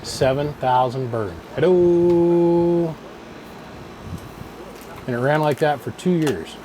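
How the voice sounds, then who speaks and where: A man's voice: fairly high pitch, slow, background noise. A man who builds amplifiers, telling shop stories in a plain-spoken, casual way. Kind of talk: casual storytelling.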